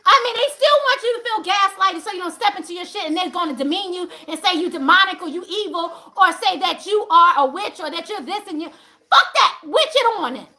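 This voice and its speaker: Loud, profane, high-pitched woman. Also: brisk. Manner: profane, animated, laughing often; emphatic preaching to viewers. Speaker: spiritual channel host. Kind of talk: livestream talk to viewers.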